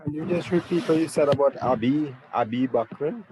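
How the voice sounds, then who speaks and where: Fairly high-voiced male student, polite, heard off-mic over faint noise. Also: fairly quick, a little mellow, rough recording. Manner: asks a question politely.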